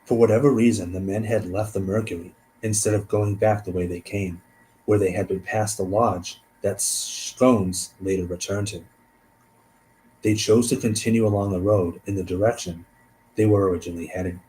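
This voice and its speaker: A man hosting a stream, reading a case aloud and thinking out loud between passages, trailing off and restarting. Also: fairly low pitch, fairly even intonation, normal speed, slight background noise, poor audio. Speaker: host.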